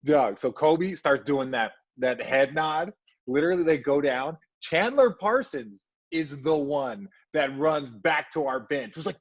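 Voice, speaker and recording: A man's voice: fairly high pitch, sing-song, normal speed, slightly rough, no room sound, dull audio. A man hosting a sports podcast, a former pro player telling loose, profane stories about trash talk. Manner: loose, profane banter with repeated asides.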